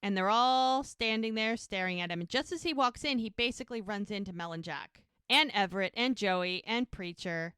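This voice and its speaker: A woman co-hosts a podcast in an everyday mid-range voice, retelling scenes with lively "he's like, she's like" asides. The sound is close and dry, with no room around it. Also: mid-range voice, moderate pace, few pauses, clear, resonant tone, no room sound. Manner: animated retelling, full of "she's like" quotes. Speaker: podcast co-host. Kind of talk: casual episode recap chat.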